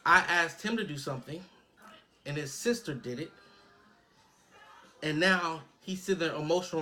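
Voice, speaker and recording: A man's voice: a little high, bright, forceful tone. A man in his thirties co-hosting a casual podcast, speaking earnestly and reflectively, often checking in with "right?". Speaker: podcast co-host.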